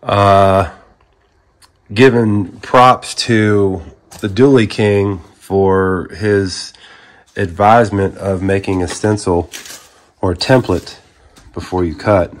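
Low, slow-talking man vlogging a truck job. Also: steady tone. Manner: folksy showman greeting, talks through the work. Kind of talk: casual DIY video narration.

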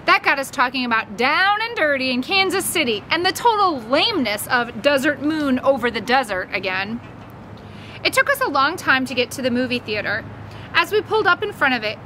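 A woman reading a middle-grade novel aloud with expressive storytelling and brief commentary. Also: sits high, moderate pace, slight background noise, poor audio. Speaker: audiobook reader.

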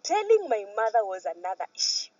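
A Kenyan woman tells her story with a voice that rises and falls sharply, dropping to near-whispers and then bursting out loud. Her tone is slightly husky and a little high. She sounds muffled, as if recorded from some distance. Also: fairly quick, no echo. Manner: animated, switches between soft near-whispers and loud outbursts. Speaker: guest. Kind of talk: emotional personal storytelling.

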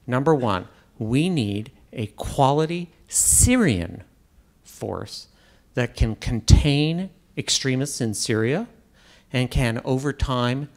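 A man's voice: mid-range voice, expressive, takes it slowly, darkish tone. Emphatic man arguing a policy case. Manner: emphatic, repeats key points for weight. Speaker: debate panelist, former ambassador. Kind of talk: public policy debate.

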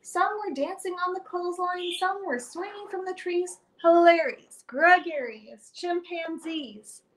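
A young woman storyteller reading a rhyming picture book aloud to children in an animated, sing-song way with dramatic swings. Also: extremely high pitch, a little slow. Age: young adult.

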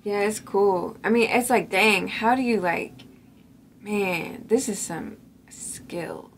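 A woman's voice: medium pitch, takes it slowly, slight background noise. A woman co-hosting a reaction video, chatting casually and agreeing in short, easygoing replies.

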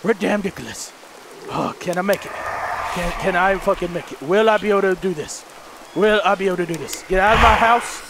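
A young man giving frantic, cursing commentary while playing a horror game and yelling at the monsters. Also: high-pitched, moderate pace, background noise. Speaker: gaming video host.

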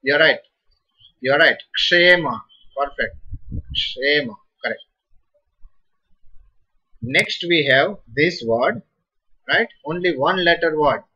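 An encouraging Indian English teacher guides students through pronunciation, calling on them by name and praising each answer. His voice is bright and forceful, and he speaks slowly. The recording sounds dull and lo-fi. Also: fairly high pitch, lively intonation, slightly rough. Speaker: Sanskrit teacher. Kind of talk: live online class teaching.

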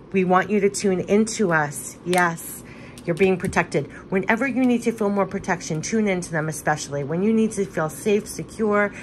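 A woman's voice: mid-range voice, slight background noise. A woman giving a spiritual card reading, speaking in an effusive, emphatic way and repeating affirmations again and again. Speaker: tarot card reader.

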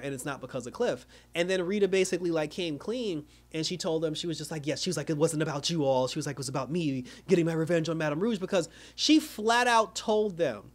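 A young man recapping a TV episode casually, acting out the characters' lines and laughing often. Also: fairly high pitch. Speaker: show reviewer.

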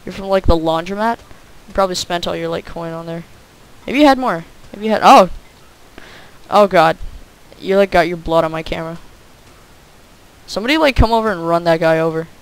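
A man's voice: a little high, brisk, creaky, smooth, low-quality recording. A young man giving rambling, jokey commentary over a game he is playing, with "like" in nearly every sentence. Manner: rambling, jokey, says "like" a lot. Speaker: gameplay commentator. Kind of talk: casual gameplay commentary. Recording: faint hiss.

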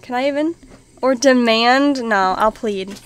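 Chatty woman gamer, fairly high voice. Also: measured pace. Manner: chatty, reacts aloud to the game. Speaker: gaming channel host. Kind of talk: casual let's-play commentary.

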